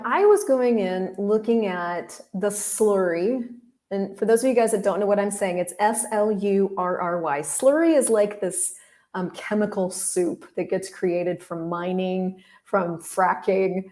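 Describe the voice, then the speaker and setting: A woman hosts a podcast with a warm, mellow voice. She tells a story in a loose, chatty way, talking straight to her listeners. She is candid and swears casually. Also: mid-range voice, a little slow. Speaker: podcast host.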